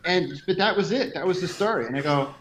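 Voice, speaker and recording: A man being interviewed, telling stories in an animated way and laughing now and then. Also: high voice, background noise. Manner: animated storyteller, laughs often. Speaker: interview guest, gym owner. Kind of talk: conversational interview.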